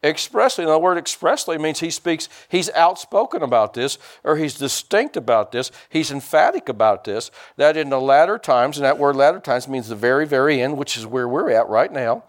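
A man's voice: mid-range voice, expressive, moderate pace, hardly any pauses. An older man, a pastor preaching a folksy, joking sermon and calling out to his congregation.

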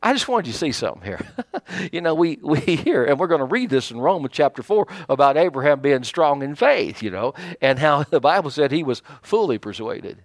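Male pastor preaching, fairly high and very lively delivery, folksy with lots of fillers, dry close sound. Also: brisk, dry recording. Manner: folksy, animated preaching with many fillers and restarts. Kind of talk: sermon.

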